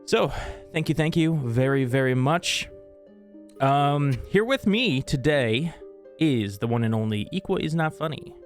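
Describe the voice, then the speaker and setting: A man's voice: fairly high pitch, animated, measured pace, faint music behind. A man hosting a tabletop game stream, introducing players in a playful, joking way. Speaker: game master and show host.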